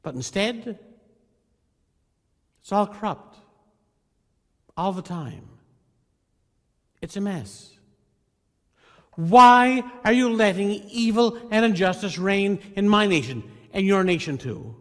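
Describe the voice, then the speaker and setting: An anguished prophet cries out in desperate protest, as a male pastor acts him out, his voice pushed far higher than the preacher's own and loud with raw feeling. The words ring through a reverberant church hall. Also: lively intonation, takes it slowly, pauses often, full character voice. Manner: desperate, pleading, raging. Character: anguished prophet crying out, adult man.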